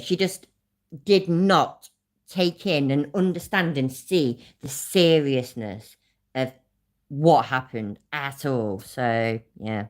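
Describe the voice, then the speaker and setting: A woman's voice: rumbling low, slow. A woman from Leicester with an East Midlands accent, hosting a casual live stream and ranting in rambling, sweary bursts that speed up. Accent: East Midlands English. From Leicester, England.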